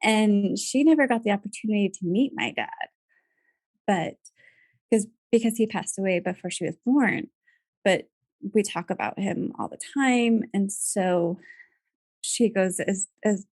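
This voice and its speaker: A woman in her thirties, a podcast guest, telling a personal family story in a soft voice and laughing through tears. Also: medium pitch, measured pace, no room sound.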